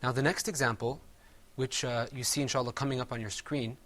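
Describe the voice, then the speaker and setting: Guy teaching recitation, calm and patient, asks the kids questions, repeats words slow. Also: medium pitch. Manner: patient, quizzes students and drills words slowly. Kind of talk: classroom teaching.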